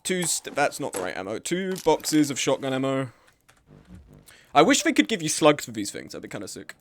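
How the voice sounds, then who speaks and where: A man's voice: medium pitch, huge pitch swings, moderate pace, vocal fry. A man live-streaming a game, chatting casually with his chat in a sweary, self-deprecating way.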